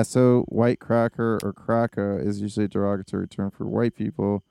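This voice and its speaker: A man hosts a podcast in loose, rambling chat, excitable and full of fillers. His voice is smooth and warm, and the recording is dry and close. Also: fairly low pitch, no room sound. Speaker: podcast host. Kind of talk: casual chat.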